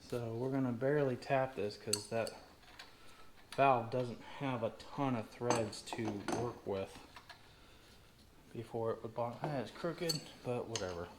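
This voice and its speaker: A man's voice: mid-range voice, a little slow, roomy sound, noisy background. A man talking casually to himself and viewers while doing a plumbing repair, with jokey asides. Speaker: DIY repair vlogger. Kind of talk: casual talk while working.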